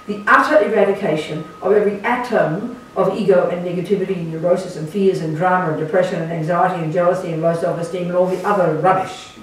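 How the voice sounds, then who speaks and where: A woman's voice: lowish voice, darkish tone. A woman, a Buddhist nun, giving a blunt, emphatic retreat teaching with sarcastic asides. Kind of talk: dharma talk to a retreat group. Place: meditation centre hall. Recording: echoey room from far off, faint hiss.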